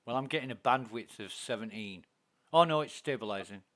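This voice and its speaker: A man's voice: medium pitch, brisk, a bit bright. A man streaming a space game, chatting casually and narrating what he is doing as he plays. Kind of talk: casual gaming chat.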